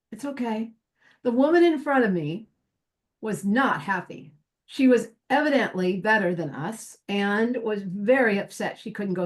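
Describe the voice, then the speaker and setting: American woman on a video call panel, earnest and kinda fired up, telling a story, mid-pitched voice. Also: darkish tone. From United States. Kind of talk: impassioned panel remarks with a personal story.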